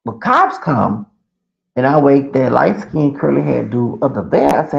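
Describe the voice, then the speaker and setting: Gravelly man rambling on a livestream. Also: mid-range voice, expressive, unhurried, a little mellow, lo-fi sound. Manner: rambling, profane, repeats himself. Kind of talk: casual livestream storytelling.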